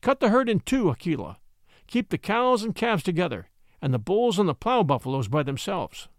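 A man voicing a young boy raised by wolves, urgent and quick to give orders in an audiobook story. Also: high voice, very animated, no echo, studio quality.

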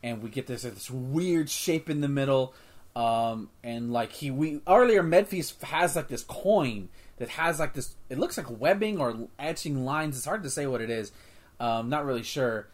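Podcast host, male, mid-pitched, rambling and excitable, swears casually. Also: normal speed. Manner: rambling, excitable, swears freely, many restarts. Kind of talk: casual movie review chat.

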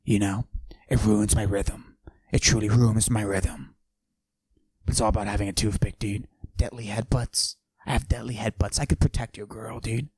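A man doing a cocky macho guy with a forced deep whisper. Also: moderate pace. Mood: swaggering. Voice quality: forced low gravelly voice, often whispered. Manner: boastful, deadpan absurd bragging. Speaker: podcast host. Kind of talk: comic character monologue.

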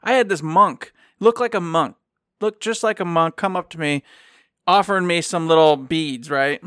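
Man, fairly high voice, smooth and clear, dry close mic, casual rambling storyteller, podcast co-host. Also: normal speed, no echo. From Michigan. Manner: animated, rambling, acts out quoted people.

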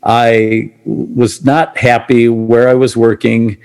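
A man's voice: mid-range voice, takes it slowly, creaky, smooth. A man chatting about faith, moving between personal stories and Bible passages. He speaks with animation and laughs lightly as he goes. His voice sits in the middle range. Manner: animated, personal anecdotes, chuckles often. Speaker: co-host of a faith talk show, former shopping-channel host. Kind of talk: casual faith chat.

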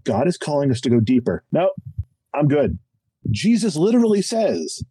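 A man's voice: a little high, wildly swooping pitch, warm tone, breathy edge, no echo, rough recording. A middle-aged man, a podcast guest, telling his faith story in an emphatic, preachy way with self-deprecating humor. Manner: emphatic and preachy, acts out quick voices. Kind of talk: animated conversational testimony.

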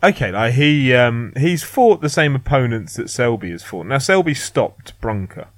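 A man's voice: mid-range voice, lively intonation, moderate pace, dry recording. A man giving blunt, opinionated boxing analysis in a casual podcast chat, laughing and swearing now and then. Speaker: boxing pundit.

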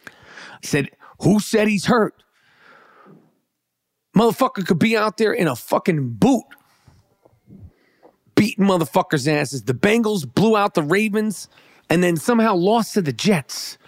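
A man's voice: high voice, animated, a little slow, pauses often, no room sound, studio quality. A man giving a brash, profane, hyped-up rant about the football weekend and his fantasy team. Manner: brash, swearing, hyped, repetitive. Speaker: sports commentator.

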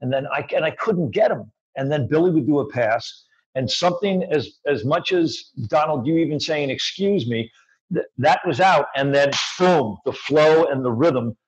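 Husky man, animated profane storyteller, lo-fi podcast audio. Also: on the high side, moderate pace. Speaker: podcast co-host, actor. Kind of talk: casual chat.

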